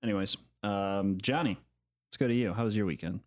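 A young man co-hosting a podcast, chatting casually in a relaxed, rambling way with fillers. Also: on the low side, a little fast. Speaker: podcast co-host. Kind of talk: casual chat.

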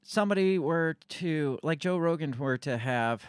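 A man's voice: on the high side, animated, normal speed, clear, resonant tone, dry recording, clean studio sound. A man co-hosting a podcast, ranting and swearing in exasperated casual chat. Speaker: podcast co-host.

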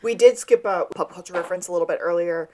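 A woman co-hosting a podcast, adding relaxed asides while recapping a TV episode. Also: lowish voice, quick pace, a little hiss or hum. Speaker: podcast co-host. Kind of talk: casual chat recapping a TV episode.

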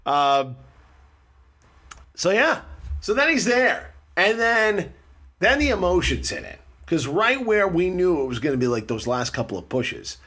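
A young man hosting a casual chat, telling a story in an animated way with frequent laughter. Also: fairly high pitch, breathy edge.

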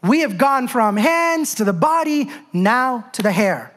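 A woman preaches a sermon in a lively, conversational way, keeping her listeners close with rhetorical questions. Her voice sits a little high, and she presses her points with emphasis. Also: measured pace.

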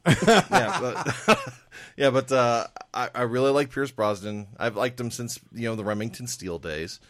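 A man's voice: medium pitch, unhurried, fairly bright tone, dry recording. A man on a casual movie review panel who laughs a lot and restarts his sentences. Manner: laughs often, stammering restarts.

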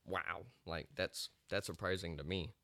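A man's voice: deep voice, a little slow, vocal fry, bright, forceful tone. A young man from the Texas Panhandle, hosting a podcast in a blunt, joking, encouraging way. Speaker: podcast host. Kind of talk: casual monologue.

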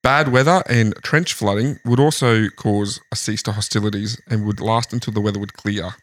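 A man's voice: fairly low pitch, fairly even intonation, normal speed, no room sound. A man host casually telling a history story in a lounge room, laughing often. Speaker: podcast host.

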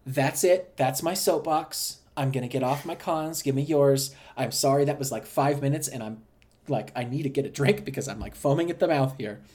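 A man's voice: medium pitch, normal speed, a little mellow. A man co-hosting a podcast, ranting animatedly with plenty of swearing. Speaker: podcast co-host. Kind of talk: casual podcast chat.

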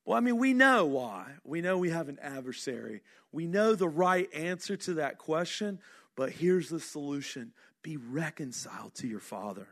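Bright-voiced man preaching a sermon. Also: a little high, very animated, normal speed. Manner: earnest, conversational preaching with rhetorical questions. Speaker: senior pastor.

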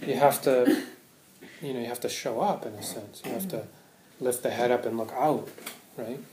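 A man's voice: mid-range voice, moderate pace, echoey room, background noise. A man giving a Buddhist Dharma talk to a live audience, conversational, often checking in with "right?". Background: audience laughter.

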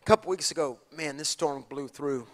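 A man preaching a sermon, moving from hushed asides to shouted, passionate lines. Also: on the high side, a little fast. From Texas. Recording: long hall reverb.

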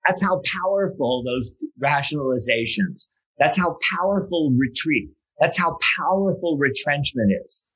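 Husky guy telling a story in an interview, lots of ums, then hammers his point home. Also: fairly high pitch, normal speed, low-quality recording. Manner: animated, many fillers and restarts, builds to emphatic points. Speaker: guest speaker on safety culture. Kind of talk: conversational storytelling.

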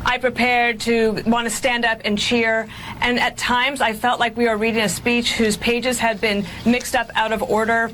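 A woman delivering frank, critical commentary with a somewhat high voice. A faint hum of background noise sits under her. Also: little pitch movement, normal speed, fairly bright tone. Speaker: political commentator. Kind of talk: opinion commentary.

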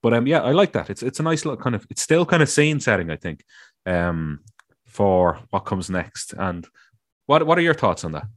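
A man with a low voice co-hosting a relaxed chat. He talks loosely and swears now and then. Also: moderate pace. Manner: casual, swears, quotes film lines loudly. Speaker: co-host. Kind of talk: casual chat.

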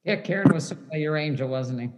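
A doctor hosting the conversation and asking brisk, prompting questions. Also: mid-range voice, in a large hall. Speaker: doctor host. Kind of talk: interview questions.

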